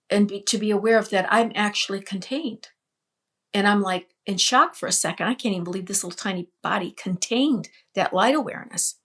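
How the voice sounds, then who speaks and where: An older woman speaks as an interview guest, telling her own story in a flowing, earnest way. Her voice sits at a middle pitch, and she circles back and restarts her words as she goes. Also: fairly bright tone. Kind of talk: personal testimony in an interview.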